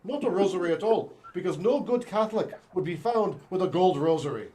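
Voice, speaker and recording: A man's voice: high-pitched, lively intonation, brisk, dark tone. A man playing a fussy, chatty priest aboard a space station in an improv scene, in a mock Irish accent.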